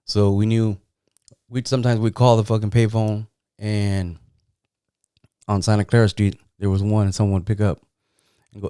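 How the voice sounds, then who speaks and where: Here a San Jose, California man in middle age hosts a podcast, casually spinning profane, streetwise, rambling tales. He speaks at normal speed with a fairly low, flat, dark and smooth voice, leaving long pauses, in a studio-quality recording without room sound.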